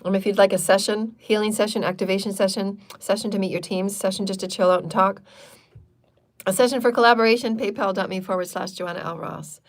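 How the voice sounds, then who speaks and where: A woman's voice: mid-range voice, fairly even intonation, brisk. A woman hosting a live channeled spiritual talk, speaking in repetitive, chant-like affirmations and loose, chatty asides. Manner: chatty and loose, with frequent fillers.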